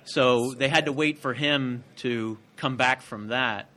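A man's voice: mid-range voice, slow pace, crowd noise. A man co-hosting a podcast live in a comic shop, rambling and trailing off as he chats. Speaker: podcast co-host. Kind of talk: casual round-table chat.

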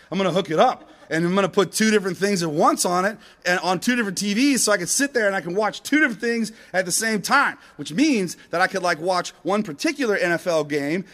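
A middle-aged pastor gives a loose, conversational sermon to a congregation. His voice sits a little high for a man, and his delivery is upbeat and chatty, full of fillers and quick asides. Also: a bit bright. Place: church service before a live congregation.

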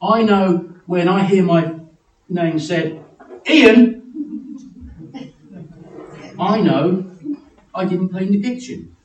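A man preaching a sermon in a church, animated, acting out figures from the story in high excited voices. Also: takes it slowly, echoey room, far from the mic, muffled recording, a little hiss or hum.

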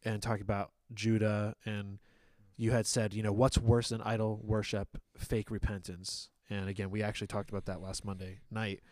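A man's voice: on the low side, level tone, moderate pace, hardly any pauses, a little mellow, no echo. A man in a casual church discussion, thinking aloud and restarting his sentences as he asks the pastors his questions. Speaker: church small-group member asking questions.

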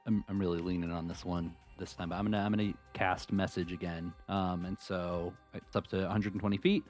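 A man playing a tabletop game, explaining his moves deliberately with fillers. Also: sits low, little pitch movement, a little mellow, soft background music. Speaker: player. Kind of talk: casual chat at a tabletop game.

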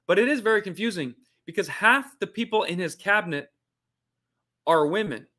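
Playful male comedian host, slightly high voice. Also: animated, fairly quick, bright, forceful tone. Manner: playful, jumps into put-on voices. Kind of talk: comic impressions bit.

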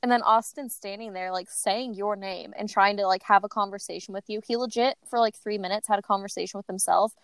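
Gravelly young woman telling a story. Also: mid-range voice, fairly even intonation, fairly quick, hardly any pauses, dry recording. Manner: playful storyteller, casual fillers. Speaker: podcast co-host. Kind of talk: casual chat.

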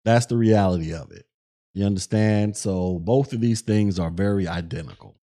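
A man's voice: fairly low pitch, normal speed. A middle-aged man hosting a livestream podcast, reading chat messages aloud and getting angry and profane with a viewer. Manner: irritated, profane, rising to shouting. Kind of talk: livestream commentary.

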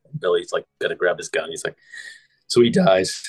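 A man's voice: low-pitched, steady tone, fast, husky, dry recording, poor audio. A man hosting a podcast, casually retelling film scenes, quoting lines and swearing freely. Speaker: podcast host. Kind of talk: casual film recap chat.

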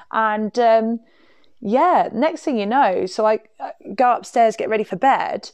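A woman's voice: medium pitch, moderate pace, no echo. A woman telling a personal story to her viewers in a casual, rambling way, full of fillers and asides. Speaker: vlogger.

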